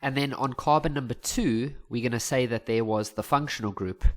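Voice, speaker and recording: A man's voice: medium pitch, normal speed. A young South African man teaching chemistry in a chatty, jokey way. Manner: chatty, jokey, laughs at his own jokes. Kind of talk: casual online lesson.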